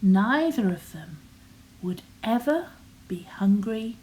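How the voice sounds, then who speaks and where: An older woman reading a bedtime story in a soft, often half-whispered voice. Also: medium pitch, expressive, slow pace, slight background noise, poor audio.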